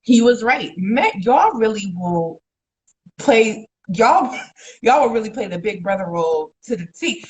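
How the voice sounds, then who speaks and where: A woman's voice: medium pitch, big pitch swings, measured pace, rough recording. Candid woman chatting, laughing along. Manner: candid, laughs as she talks, quotes others in big voices. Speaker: podcast co-host. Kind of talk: casual chat.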